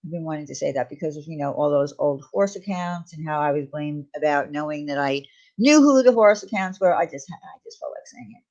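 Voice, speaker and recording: A woman's voice: sits low, lively intonation, fairly quick, darkish tone, highs cut off. A woman hosting a casual live stream, talking defensively and repeating her points for emphasis. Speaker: channel host.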